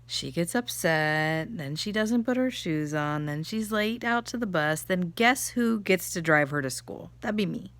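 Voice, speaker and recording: Slow-talking woman, dry sound. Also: lowish voice, dry recording. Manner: animated storytelling, laughs often. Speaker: vlogger, mother. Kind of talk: casual chat, spiritual reflection.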